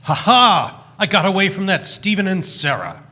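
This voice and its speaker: A man's voice: medium pitch, big pitch swings, takes it slowly, slightly rough, exaggerated voice. A man voicing a gleeful, scheming monk in a live fan radio play, with a cackling, gloating manner.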